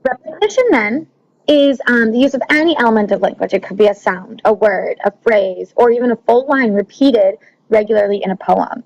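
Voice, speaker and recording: A woman teacher with a slightly high, darkish voice talks fairly quickly as she walks students through a recorded lesson. Her step-by-step explanation is full of ums, and she keeps checking that they follow. It is a slightly dull, lo-fi recording.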